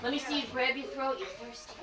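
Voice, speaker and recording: A woman entertaining children at a birthday party, leading them through acting games and telling a fairy tale in an animated, coaxing way. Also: high voice, fast, a loud crowd. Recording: roomy, distant home-video camcorder sound with loud music.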